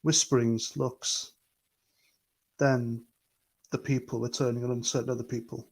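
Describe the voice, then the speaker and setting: A man's voice: medium pitch, little pitch movement, measured pace, darkish tone. A man hosting a livestream, talking earnestly and rambling as he reads out chat comments. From Britain. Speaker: livestream host.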